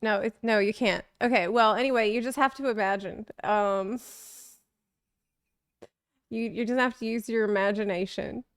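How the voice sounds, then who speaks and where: A woman's voice: mid-range voice, fairly even intonation, normal speed, long pauses, no room sound, clean studio sound. A young woman streamer chatting casually, telling rambling, self-deprecating stories and laughing often. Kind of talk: casual chat.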